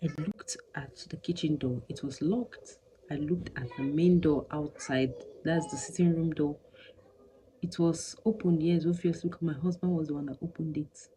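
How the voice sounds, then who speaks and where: Low-voiced woman telling a story. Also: moderate pace, a little hiss or hum, rough recording. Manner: animated, drops into whispers for emphasis. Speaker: vlogger. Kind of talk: personal storytelling.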